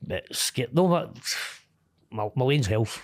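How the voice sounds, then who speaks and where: A man's voice: mid-range voice, animated, takes it slowly, dry recording. A middle-aged Scottish man talks frankly in a close, dry recording, with no room sound around him. His speech is blunt and peppered with casual swearing, and he laughs easily between thoughts. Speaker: interview guest. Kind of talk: candid conversational interview.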